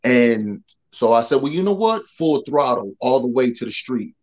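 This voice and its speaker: A man who talks loud by nature, a podcast guest telling a personal testimony in casual slang and acting out the dialogue. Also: mid-range voice, moderate pace, lo-fi sound. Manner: loud, animated, acts out quoted dialogue.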